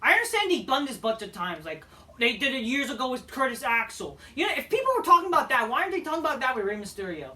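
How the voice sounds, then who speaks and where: A woman's voice: sits high, sing-song, fast, pushed and bright, far from the mic. A woman giving a heated, profane ranting review as a wrestling show host.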